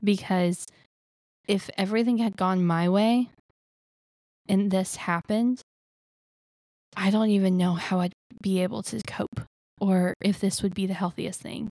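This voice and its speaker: A young woman from Alabama shares her own story in an earnest, chatty voice, with plenty of ums and likes. Her pitch sits in the middle for a woman. The sound is dry and close, with no room around it. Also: warm tone, no room sound. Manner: earnest, chatty, many fillers. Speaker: life coach. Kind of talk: personal storytelling.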